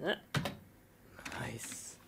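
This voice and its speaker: A woman voicing Steve, an easily frustrated young man in a homemade game animation, who blurts short exclamations and giggles often. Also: extremely slow. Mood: eager. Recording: noisy homemade recording.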